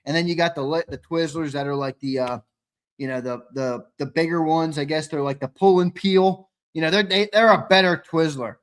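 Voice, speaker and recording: A man on a live sports talk stream with a somewhat high voice. He is brash and profane, mocking his co-hosts as he goes. He gets loud and animated in his rants. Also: normal speed. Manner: loud and animated when ranting. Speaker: sports talk show co-host.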